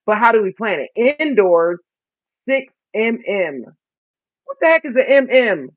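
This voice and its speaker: A man with a high voice chats casually as he gets his first garden seeds ready. He laughs at himself and trips over words as he reads the seed packets aloud. The sound is tinny like a phone line and very dry. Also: sing-song, dry recording. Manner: chatty, self-mocking, reads labels aloud haltingly. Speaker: vlogger. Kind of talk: casual chat while gardening.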